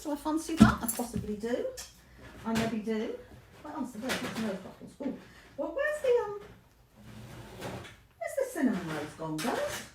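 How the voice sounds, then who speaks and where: A woman's voice: fairly high pitch, noisy background. A middle-aged woman leading a live-streamed craft workshop from her home studio, chatting, rambling and joking at her own expense. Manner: chatty, self-mocking, rambling jokes. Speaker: textile art teacher.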